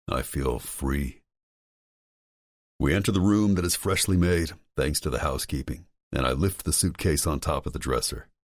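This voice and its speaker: A man narrating a romance audiobook in the first person, in a relaxed, intimate, expressive way. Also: very deep voice, no room sound, clean studio sound.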